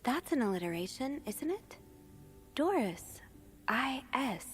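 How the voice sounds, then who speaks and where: Game voice: a nosy young maid, breathy and high, dry teasing tone. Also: female voice, very animated, slow, faint music behind, exaggerated voice. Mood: wry. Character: young woman hotel maid, curious and wry. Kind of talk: video game character dialogue.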